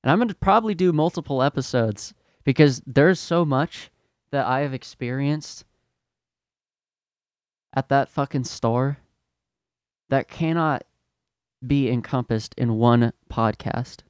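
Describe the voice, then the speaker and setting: A man's voice: mid-range voice, darkish tone, smooth, no room sound, clean studio sound. A young man hosting a podcast, ranting in a fed-up, profane, exasperated way about his retail job. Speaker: podcast host, retail worker.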